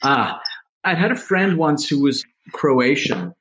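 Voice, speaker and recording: A man's voice: on the high side, very animated, takes it slowly, a bit bright, rough recording. Middle-aged man telling rambling, self-mocking stories. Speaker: actor guest. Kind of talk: casual interview chat.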